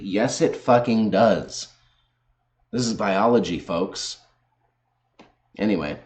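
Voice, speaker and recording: Low-voiced man ranting with sarcasm. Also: expressive, a little slow, long pauses, a little mellow. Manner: sarcastic, combative, heavy swearing. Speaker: video host. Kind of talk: profane ranting commentary.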